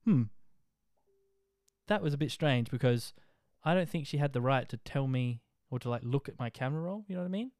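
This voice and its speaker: A young Australian man casually telling an animated, slang-filled story about a flight, with jokey rhymes. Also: medium pitch, fairly quick, dry recording, studio quality. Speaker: social media vlogger.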